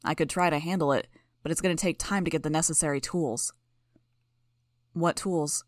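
A woman's voice: low voice, moderate pace, dry recording, studio quality, natural voice. A woman voicing a smug, blunt male street medic with a hard-to-place accent that stresses syllables hard, speaking in a clipped, matter-of-fact way.

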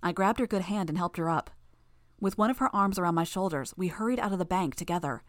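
Female audiobook narrator, lower register, dry close sound, steady first-person read. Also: fast talker, no room sound.

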